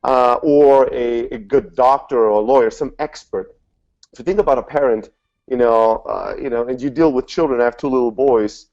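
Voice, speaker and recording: Man, panel speaker, energetic, filler-heavy, mellow voice, dull lo-fi sound. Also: mid-range voice, moderate pace. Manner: energetic, lots of "like" and "you know" fillers. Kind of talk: panel talk on sales. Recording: dull lo-fi event recording.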